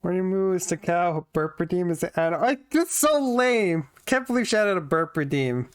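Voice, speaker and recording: A woman's voice: lowish voice, a little fast, clear, resonant tone, no room sound, studio quality. A woman streaming a video game, chatting casually with her viewers in a giggly, self-conscious way from her home. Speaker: vtuber streamer. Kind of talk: casual let's-play commentary. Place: home room.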